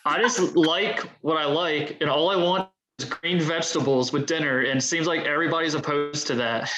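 A man's voice: on the high side, fairly even intonation, normal speed, pushed and bright, a little hiss or hum, poor audio. A man with a Baltimore accent chatting on a podcast. He grumbles in a dry, self-mocking way, cheerfully owning his complaints. His talk is loose and casual. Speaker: podcast co-host, firefighter paramedic. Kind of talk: casual chat.

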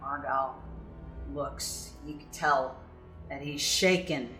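A woman narrating a tabletop game as game master in a measured storytelling way. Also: rumbling low, steady tone, fairly bright tone. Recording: echoey room with faint music.

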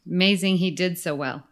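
Slow, clear-voiced woman, podcast co-host, relaxed and chatty. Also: lowish voice. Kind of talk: casual discussion.

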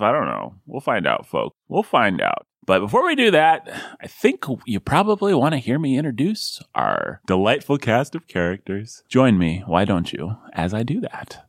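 A man's voice: creaky, no echo, studio quality. A man hosting a casual podcast, joking and laughing often. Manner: jokey, animated, big pitch swings, laughs often. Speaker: podcast host. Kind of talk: casual chat.

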